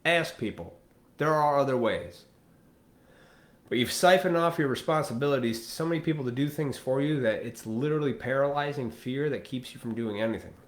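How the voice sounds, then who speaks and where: The live-stream host talks fairly quickly in a mid-range voice that sounds roomy. Addressing viewers head-on, he rants bluntly and profanely, preaching and mimicking people through quoted asides.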